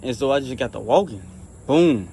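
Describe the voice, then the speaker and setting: A man casually telling a personal faith testimony, rambling and repeating himself with many restarts, earnest and soft-spoken in places. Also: mid-range voice, expressive, normal speed, gravelly, a little hiss or hum. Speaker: storyteller sharing a faith testimony.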